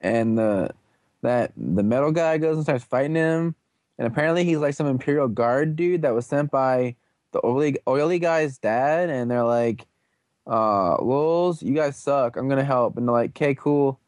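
A man's voice: mid-range voice, expressive, moderate pace, a little mellow, no room sound. A young man casually recapping a TV episode, rambling and playful, full of slangy asides and goofy quoted voices.

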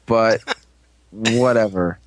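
A man casually recapping a TV episode, rambling and joking with quick asides. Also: lowish voice, heavy background noise. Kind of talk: casual chat.

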